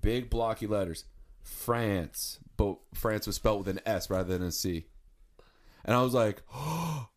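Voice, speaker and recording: Lowish-voiced guy on a podcast telling a story, jokey, laughs a lot. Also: unhurried. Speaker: podcast co-host. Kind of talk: casual chat.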